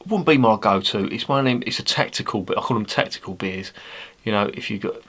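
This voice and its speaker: A man's voice: fairly low pitch, fairly quick, a bit bright, a little hiss or hum. A man, giving a casual, rambling, sweary beer review monologue. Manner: rambling, sweary, blunt banter.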